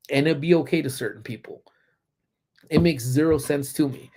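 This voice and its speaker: A man's voice: a little high, normal speed, vocal fry, mellow. A man hosting a casual live-stream chat from a parked car, telling stories with lots of ums and turning blunt and profane when he is annoyed. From Southern California. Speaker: livestream host.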